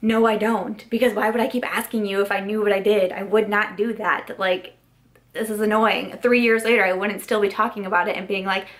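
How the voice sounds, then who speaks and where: A woman's voice: medium pitch, fairly even intonation, a little fast, fairly bright tone. A young woman chatting at home while doing her makeup, retelling a falling-out in an exasperated, chatty way full of "like"s. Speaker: beauty vlogger. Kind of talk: get-ready-with-me storytime.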